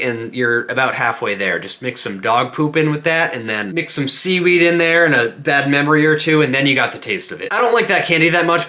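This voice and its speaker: Bright-voiced young man ranting comically. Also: mid-range voice. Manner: animated, joking, quick rants. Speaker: vlogger. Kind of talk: casual comedic vlog monologue.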